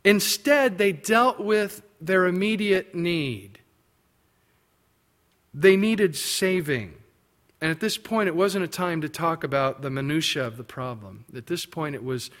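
A male preacher works through a scripture passage verse by verse. His voice sits fairly high, and he acts out the quoted characters in a louder voice. To land his points, he turns low and quiet. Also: normal speed. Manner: expository preaching, acting out biblical quotes in raised voices; drops low and quiet for emphasis. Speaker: pastor. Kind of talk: sermon.

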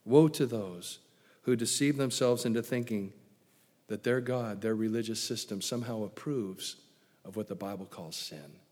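A man preaching a sermon emphatically, swinging from loud declarations to hushed lines. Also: on the low side, normal speed. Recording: long hall reverb.

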